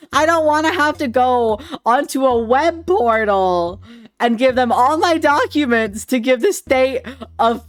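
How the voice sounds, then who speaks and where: A man's voice: very high voice, a bit bright. A man streaming live, chatting casually with viewers in a rambling way, laughing often and swearing freely.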